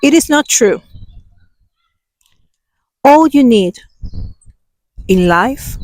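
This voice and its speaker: Outdoors among passers-by, a woman leads a meditation for her self-healing channel before turning to a forceful talk on inner awareness. She speaks slowly and calmingly yet with emphasis, her mid-range voice somewhat dark, on a rough recording.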